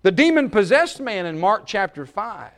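A man preaching a sermon, dropping to quiet, joking asides and rising to shouted peaks. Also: high-pitched, big pitch swings, moderate pace. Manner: humorous, self-mocking asides.

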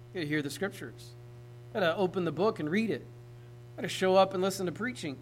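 Conversational man preaching, slightly high voice. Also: slight background noise, low-quality recording. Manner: conversational, talks straight to the congregation. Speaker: pastor. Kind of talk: sermon.

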